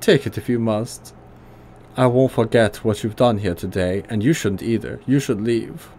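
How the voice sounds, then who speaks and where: A man voicing a stout, gruff but kindly old tinkerer with a heavy put-on German accent, reading game dialogue. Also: on the low side, normal speed, darkish tone, a little hiss or hum, pitched above the performer's own voice, natural voice. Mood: sulking.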